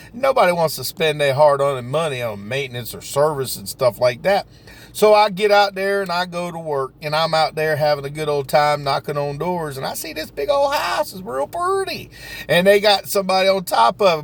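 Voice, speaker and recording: Southern guy telling sales stories on his vlog, kinda high and a bit gravelly, folksy and lively. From Southern United States. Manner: folksy, animated, dialect grammar like "ain't nobody". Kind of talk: casual storytelling vlog.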